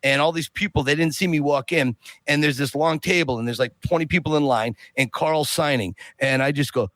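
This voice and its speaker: Guy on a podcast telling a story, kinda high voice, super dry close mic, acts out the voices. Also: a little fast, no echo. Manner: animated, acts out quoted voices. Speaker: podcast guest. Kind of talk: casual storytelling.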